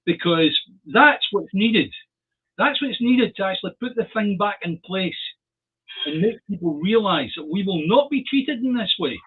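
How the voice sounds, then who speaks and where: A man with a husky, slightly high voice chats about politics in a measured, defiant manner, wandering into asides. The sound is narrow and phone-like. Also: lively intonation. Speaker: co-host. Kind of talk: casual political chat.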